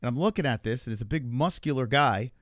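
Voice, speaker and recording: A man's voice: medium pitch, fast, no echo. A male podcast host telling stories in a casual, rambling way and swearing freely. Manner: animated, swears freely, loose rambling retelling. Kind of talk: casual storytelling chat.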